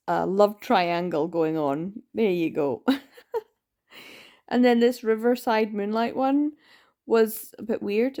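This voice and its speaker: A woman's voice: mid-range voice, dark tone. A woman chatting casually in a reading vlog, rambling with many ums and laughs, sounding tired. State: tired, yawning. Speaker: book vlogger.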